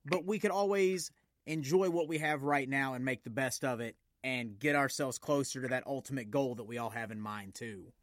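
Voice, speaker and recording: A man's voice: medium pitch, steady tone, moderate pace, dry recording, studio quality. A man hosting a podcast interview, casual and encouraging, affirming his guest. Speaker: podcast host.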